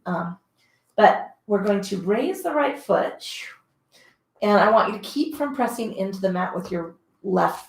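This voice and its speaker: A woman leading a casual Pilates class, talking through each move, cueing breaths and counting reps while exercising along. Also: medium pitch. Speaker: Pilates instructor. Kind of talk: casual guided workout instruction. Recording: echoey room.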